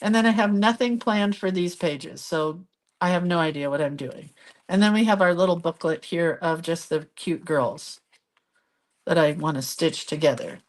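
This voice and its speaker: A woman's voice: on the low side, moderate pace. Chatty woman hosting a live craft stream. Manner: chatty, rambling, reads viewer comments aloud. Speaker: craft video host. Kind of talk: casual live crafting chat.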